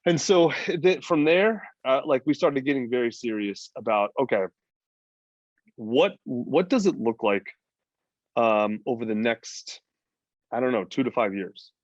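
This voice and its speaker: A man's voice: mid-range voice, lively intonation, a little slow, no room sound. A man, a podcast guest talking casually, blunt and profane, rambling with lots of fillers. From United States. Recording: slightly dull, dry lo-fi audio.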